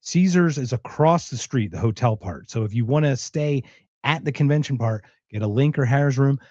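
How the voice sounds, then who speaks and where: A man from Philadelphia hosting a podcast, talking in an energetic, chatty, excitable way. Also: mid-range voice, moderate pace, no echo, lo-fi sound. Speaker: podcast host. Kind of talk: casual interview chat.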